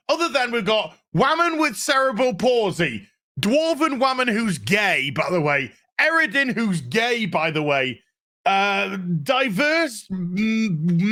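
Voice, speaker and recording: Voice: mid-range voice, pushed and bright. A show reviewer on a sarcastic, profane rant, exasperated and mocking. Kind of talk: ranting review.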